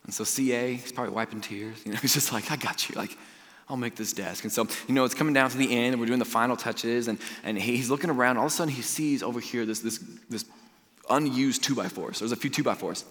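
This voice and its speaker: A male pastor preaching a sermon in a church auditorium, talking in a lively, conversational way and swinging from loud to hushed. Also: mid-range voice, fast. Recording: long reverb of a large hall.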